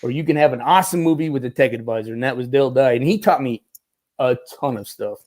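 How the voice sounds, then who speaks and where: A middle-aged man, a former Marine, tells animated stories in a casual interview, laughing often and restarting his sentences. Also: medium pitch, fast. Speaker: guest, former Marine turned film military advisor.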